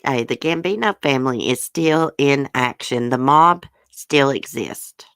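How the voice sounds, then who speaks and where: A woman's voice: extremely low pitch, measured pace, a bit bright, clear, resonant tone, no echo. A woman hosting a livestream, chatting frankly and opinionated as she reads news and answers viewer comments. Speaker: livestream host. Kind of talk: casual chat reading news and viewer comments.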